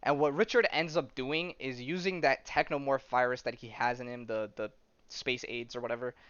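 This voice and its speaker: A man's voice: medium pitch, fairly even intonation, normal speed, fairly bright tone, clean tone, no room sound, muffled recording. A man hosting a podcast, rambling through a comic story in casual chat and acting out the characters' lines with lots of fillers. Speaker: podcast host.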